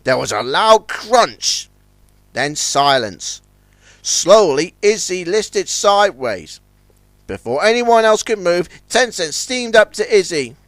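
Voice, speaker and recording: Man, storybook narrator, high voice, very lively pitch, unhurried, dry close sound. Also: dry recording. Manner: lively character-voiced reading.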